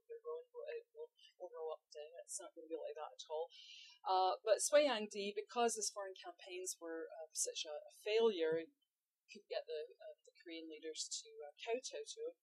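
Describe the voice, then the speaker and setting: A woman with a Scottish accent chatting through a history lesson in a lively, joking way. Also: medium pitch, slightly rough. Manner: lively, laughs often, chatty asides. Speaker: history teacher. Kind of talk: casual educational chat. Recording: poor audio with uneven levels.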